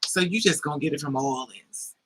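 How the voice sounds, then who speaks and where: A man's voice: on the high side, a little fast, breathy edge, rough recording. A man telling a personal story in a casual vlog, animatedly acting out other people's quoted lines and swearing freely. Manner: animated retelling that acts out quoted dialogue. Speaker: vlogger.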